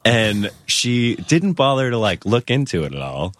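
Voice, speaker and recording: A man in his thirties, a guest on a podcast, telling stories in a mellow, soothing voice with many fillers. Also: medium pitch, big pitch swings, unhurried. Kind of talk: casual storytelling.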